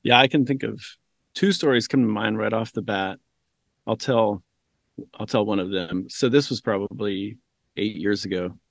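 A physician and teacher, a man, earnestly telling a reflective story in a conversation, pausing often with ums. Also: on the low side, vocal fry, dry recording, studio quality. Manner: earnest, thoughtful, with frequent ums and self-corrections. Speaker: physician and medical educator, podcast guest.

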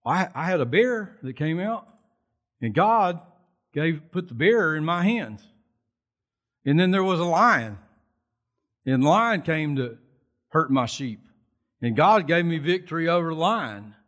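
A man voicing a fearless young shepherd boy who speaks in an excited, defiant way while retelling a Bible story in a sermon. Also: a little high, measured pace, long pauses, voice pushed up.

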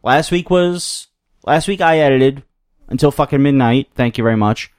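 Man, podcast co-host, laid-back, mid pitch, casual recap, swears. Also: normal speed, clear, resonant tone. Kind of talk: casual chat.

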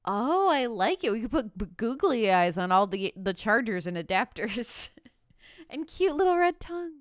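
A woman's voice: fairly high pitch, big pitch swings, normal speed, dry recording, clean studio sound. A woman co-hosting a podcast, playfully contradicting the others and joking. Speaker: podcast co-host. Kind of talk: casual podcast banter.

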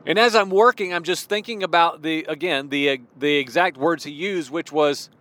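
A man in his forties with a slight Midwestern accent talks from his car in a relaxed devotional vlog. His voice sits a little higher than most men's. He is chatty and expressive, often restarting his sentences and chuckling as he goes. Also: normal speed. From Illinois. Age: 40s. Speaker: Christian vlogger. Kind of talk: casual devotional talk while driving.

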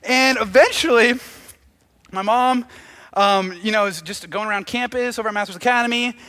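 A young man preaching a sermon in an animated, joking storytelling style with lots of asides. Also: high voice, moderate pace.

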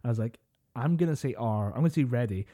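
Male co-host, jokey and giggly, mid-pitched, warm tone. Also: animated, quick pace. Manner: laughing, joking along. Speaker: podcast co-host. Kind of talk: casual chat.

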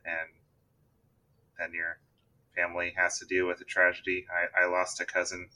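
Low, bright-toned casual male host. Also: normal speed. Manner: relaxed, rambling with fillers. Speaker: podcast host. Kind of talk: casual chat.

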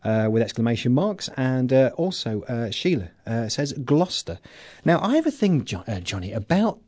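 Chatty, mellow-voiced English podcast host. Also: male voice, medium pitch, big pitch swings, moderate pace, dry recording, clean studio sound. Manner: chatty, jokey, rambling with fillers. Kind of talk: casual chat.

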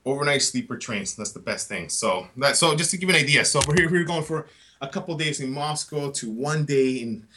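Tour guest type: upbeat, chatty man with a bright, forward voice, keeps tossing in "right?". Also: on the high side, fairly quick, slight background noise. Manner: enthusiastic, chatty, often adds "right?". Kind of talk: casual podcast chat.

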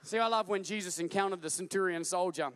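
A man preaching a sermon as a pastor, telling stories animatedly and at times rising to a shout. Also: high-pitched, fast talker, long reverb tail, slight background noise.

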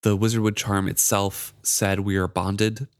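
Low-voiced man reading a book aloud. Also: level tone, measured pace, no echo, clean studio sound. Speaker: podcast co-host and reader.

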